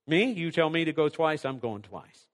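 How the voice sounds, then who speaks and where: A man's voice: a little high, expressive, moderate pace, long reverb tail. A man preaching a sermon, reading scripture aloud and then working through numbered points, sometimes dropping almost to a whisper. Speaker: pastor.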